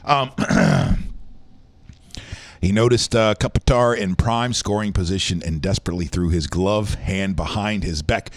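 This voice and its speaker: A man runs through the day's news in a loose, rambling chat. His pitch swings widely as he reacts to stories. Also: big pitch swings, slow. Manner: rambling, rough news rundown full of fillers. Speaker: host. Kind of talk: casual morning news chat show.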